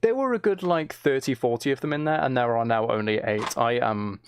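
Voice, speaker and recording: Chatty man, slightly gravelly. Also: medium pitch, a little fast, a little hiss or hum. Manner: chatty, hesitant, reads out chat messages. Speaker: streamer. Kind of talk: casual live-stream chat.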